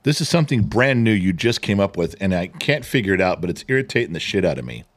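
A man's voice: deep voice, big pitch swings, fast. A middle-aged man co-hosting a podcast in casual chat, telling stories animatedly, mimicking voices and swearing. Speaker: podcast co-host.

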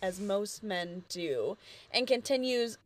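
A woman co-hosting a comedy podcast, recapping a TV episode in a crude, giggly way with quick impressions. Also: medium pitch, expressive.

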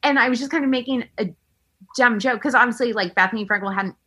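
Bright, husky-voiced woman in her thirties. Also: a little high, fast. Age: 30s. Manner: animated storytelling, acting out quotes, lots of "like". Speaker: podcast host. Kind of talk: casual chat.

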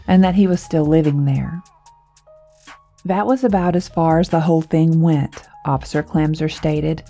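A woman narrates a legend in a steady, scripted storytelling voice. Her tone sits low and mellow. She reads evenly with a few wry asides, and soft music plays faintly beneath her.

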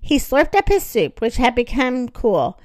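A woman reading a children's story aloud in an expressive, animated way. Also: on the high side, unhurried, no room sound.

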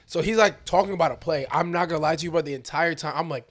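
A young man, a basketball player, telling a story in casual chat, animated and slangy, acting out the people in it. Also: fairly high pitch, fast talker. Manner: animated, acts out voices in his stories, slangy.

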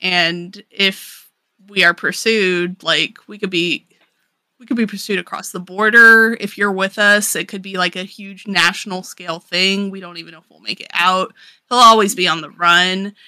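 Bright-voiced woman casually recapping a story. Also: mid-range voice, steady tone, dry recording. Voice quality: casual, swearing, lots of "like" fillers, acts out characters in quick paraphrase. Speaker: podcast co-host. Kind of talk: casual chat recapping a manga.

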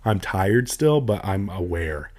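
A man's voice: low-pitched, takes it slowly, husky. Laughing young man telling stories. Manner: laughs often, animated storytelling with voiced quotes. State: tired, drowsy. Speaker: podcast co-host. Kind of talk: casual podcast chat.

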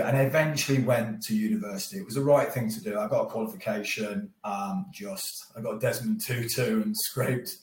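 Man telling lively stories. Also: on the low side, normal speed. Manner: animated storytelling with frequent laughs. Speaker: guest, former professional cricketer. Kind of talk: casual chat. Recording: roomy echo.

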